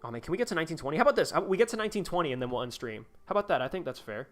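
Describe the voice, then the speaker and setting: A man's voice: a little high, expressive, very fast, soft background music. A young man live-streaming a game, chatting casually and rambling with lots of fillers and restarts. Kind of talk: casual gameplay commentary.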